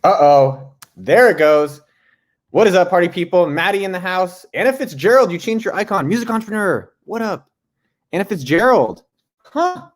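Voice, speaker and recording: A man hosts a live stream from his house, loose and jokey as he greets viewers by name. His voice sits a bit higher than most men's. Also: animated, normal speed. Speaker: host. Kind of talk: casual livestream chat. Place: home.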